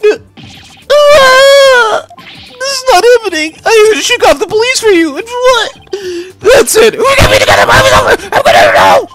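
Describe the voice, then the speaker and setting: A man voicing a flaky, excitable adult man who yells and whines dramatically over game music. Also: very high-pitched, moderate pace, voice pushed up, heavily acted. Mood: distraught. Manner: yelling, whiny, over the top. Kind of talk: fan voice-over of a video game.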